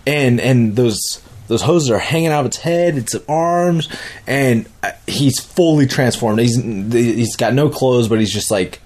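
Rambling, animated man telling a story. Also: mid-range voice, unhurried. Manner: animated, rambling, profane, acts out quotes. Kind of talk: casual storytelling.

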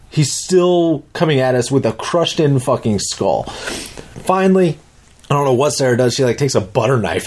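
A young man with a medium-pitched, slightly breathy voice tells a vivid dream in a casual, rambling way, swearing as he goes. He's a dad sharing the dream, and his lively retelling keeps restarting.

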